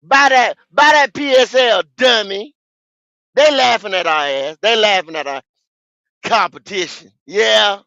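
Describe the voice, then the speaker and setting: A man, hosting a fan podcast, ranting in a profane, repetitive way with sudden shouts. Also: high-pitched, measured pace, vocal fry, no echo, muffled recording. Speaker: podcast host. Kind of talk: football fan podcast rant.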